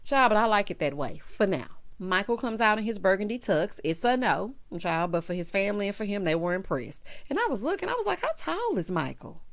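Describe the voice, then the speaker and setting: A woman's voice: fairly quick, creaky, hardly any pauses. A woman giving a sassy, casual recap of a reality show, often calling people "child" and "honey.". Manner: sassy, animated, laughs loudly, says "child" and "honey"; acts out cast members in high voices.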